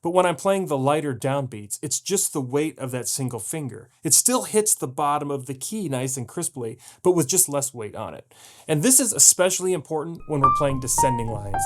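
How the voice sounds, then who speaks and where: A man's voice: on the high side, lively intonation, moderate pace. A man teaching a jazz piano lesson, explaining patiently and scatting rhythms aloud to show them. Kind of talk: video lesson.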